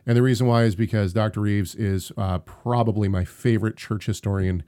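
A man's voice: lowish voice, fairly even intonation, brisk, warm tone. A young man co-hosting a casual live-streamed podcast, talking in emphatic, rambling runs with frequent restarts. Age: young adult. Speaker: podcast co-host.

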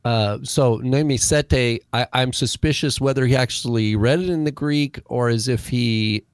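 A man's voice: mid-range voice, normal speed, clear, resonant tone, dry recording, studio quality. A man who teaches Greek, joining a casual discussion in a careful, corrective way.

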